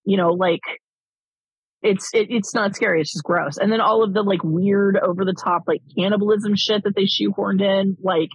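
A woman's voice: mid-range voice, steady tone, moderate pace, slightly rough, no echo, poor audio. A woman co-hosting a casual film-review chat, rambling and swearing, with lots of fillers. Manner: rambling, profane, many fillers.

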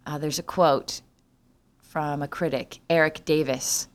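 A woman's voice: low voice, fairly even intonation, unhurried. A young adult woman from Canada hosting a solo podcast, talking in a sarcastic, jokey way and swearing freely. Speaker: podcast host.

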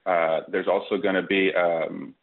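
A man, a comedian calling in early in the morning with a groggy voice, talking haltingly and with jokes. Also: sits low, flat delivery, gravelly. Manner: halting, self-interrupting, joking. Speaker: comedian guest. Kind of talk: casual phone interview. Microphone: telephone. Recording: tinny phone line.

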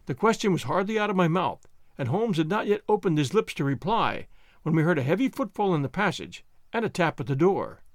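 Expressive male audiobook narrator. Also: fairly high pitch, fairly quick, dry recording, clean studio sound. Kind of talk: scripted first-person narration.

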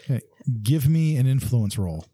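A man's voice: mid-range voice, very animated, moderate pace, warm tone, slight background noise. A man narrating as game master of a tabletop game, telling the scene loosely with many fillers.

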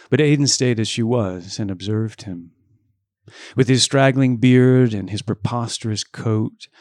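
A man's voice: on the low side, no room sound, clean studio sound. A man reading a novel aloud in a casual way, shifting his voice for the dialogue. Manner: reads dialogue with lively voice changes and joking asides.

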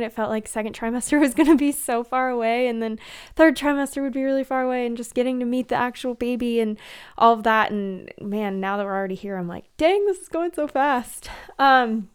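A woman's voice: on the high side, smooth. A young woman hosting a podcast, talking casually and chattily with fillers and giggles, a bit out of breath. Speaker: podcast host. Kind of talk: casual solo podcast talk.

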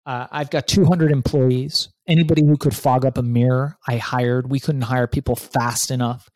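A middle-aged man telling a lively story as an interview guest, acting out his own thoughts and swearing freely. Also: mid-range voice, moderate pace, no echo. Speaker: guest entrepreneur. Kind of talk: animated storytelling in conversation.

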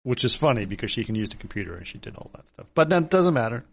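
A man chats casually on a film podcast, talking his friends through the story of a movie. His delivery is plain and conversational, with a middling pitch. Nothing stands out in his tone beyond the easy back-and-forth. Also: very animated, fast, gravelly. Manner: recaps plot points conversationally. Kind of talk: casual film-review chat.

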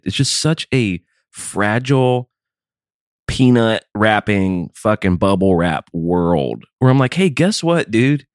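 A man co-hosting a casual podcast, telling stories in an animated, profane way. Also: on the low side, measured pace, no echo, studio quality.

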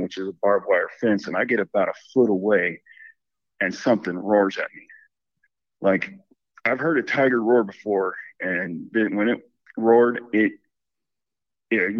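A man's voice: low-pitched, no room sound, highs cut off. A man calling in to a show, telling a long story casually with lots of restarts and quoted asides. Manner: rambling, restarts and self-quoting. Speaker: caller.

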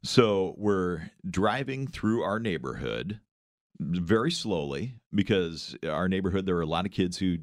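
A man hosting a morning show, telling a story in casual chat, animated, with frequent hesitations and restarts. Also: sits low, measured pace, no room sound, studio quality.

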